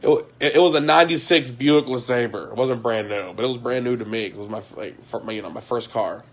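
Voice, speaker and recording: A man speaking in an emotional confessional monologue, retelling events in an agitated way with sharp swings from loud to quiet, frequent restarts and blunt swearing. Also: mid-range voice, brisk. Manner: agitated storytelling, voice rising and falling sharply. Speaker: vlogger.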